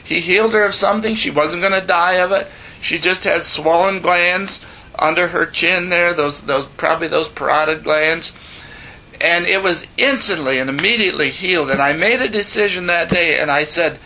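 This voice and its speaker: Bright high-voiced man in his seventies. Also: moderate pace, slight background noise, poor audio. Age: 70s. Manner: earnest storytelling with emphatic exclamations; chatty banter with the audience. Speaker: preacher. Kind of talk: sermon testimony.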